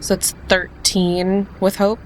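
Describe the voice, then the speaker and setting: A woman's voice: mid-range voice, slow, a little hiss or hum, low-quality recording. A woman playing a tabletop game, casually narrating her character's actions and asking rules questions. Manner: relaxed, asks rules questions. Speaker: player.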